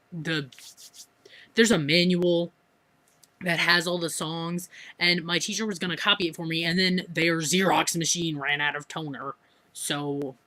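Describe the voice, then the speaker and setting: A woman's voice: low voice, bright, forceful tone, dry recording. A teenage girl with an American accent, rambling chattily through a casual vlog with plenty of fillers and restarts. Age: teens. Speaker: vlogger.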